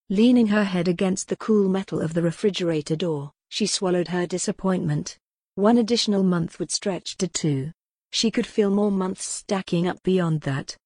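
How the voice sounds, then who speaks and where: A woman narrating a story as an audiobook in a calm, measured way. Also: lowish voice, no echo.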